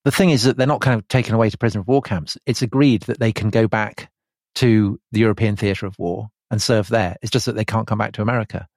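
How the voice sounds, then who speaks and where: A man co-hosts a podcast and turns his thoughts over as he speaks, hedging often. His voice is on the low side. The sound is close and dry. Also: fairly even intonation, fast talker, darkish tone, no echo. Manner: thoughtful, hedging with "I think" and "kind of". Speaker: podcast co-host. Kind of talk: casual history chat.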